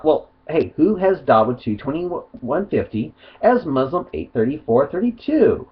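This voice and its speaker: A man's voice: a little high, sing-song, unhurried, few pauses, husky, lo-fi sound. A man giving a rambling, argumentative vlog monologue, partly reading aloud, with many restarts. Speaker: video commentator.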